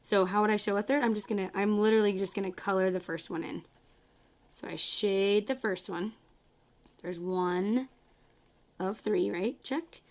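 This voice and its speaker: A woman's voice: medium pitch, fairly even intonation, moderate pace. Woman, elementary math teacher; casual, chatty, self-correcting, counts aloud while drawing. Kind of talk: casual math lesson to kids.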